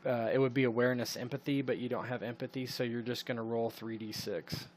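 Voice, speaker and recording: A man's voice: mid-range voice, flat delivery, quick pace, a little hiss or hum. A man running a tabletop role-playing game as game master, describing scenes in a loose, rambling way with lots of hesitations. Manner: rambling, full of ums and "you know".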